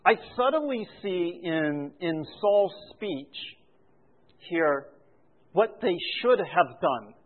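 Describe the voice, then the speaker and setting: Man preaching, high voice, slow deliberate delivery, tinny phone-like sound. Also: lively intonation. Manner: slow, deliberate teaching with rising emphasis on refrains. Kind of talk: sermon.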